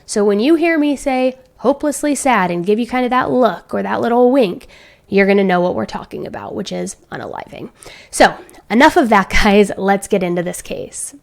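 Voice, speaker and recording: A woman's voice: medium pitch, animated, moderate pace, gravelly. A woman hosting a true-crime video, narrating a case in a chatty, conversational way.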